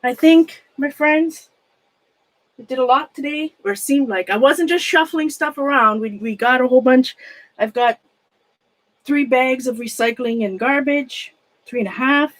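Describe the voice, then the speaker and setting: A craft room vlogger with a fairly high voice chats casually with her live-stream viewers at a measured pace. She rambles, often trailing off and restarting mid-sentence, and laughs at herself a lot.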